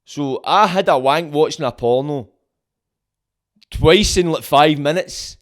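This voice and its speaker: A man's voice: fairly high pitch, takes it slowly, pauses often. A man with a Glaswegian Scottish accent, hosting a podcast as a casual solo monologue, blunt, sweary and rambling. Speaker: podcast host.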